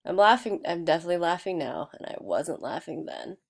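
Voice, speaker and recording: A woman narrating her own casual vlog, rambling and laughing at herself, sometimes dropping to a soft near-whisper. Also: deep voice, expressive, a little fast, gravelly, husky. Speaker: video creator.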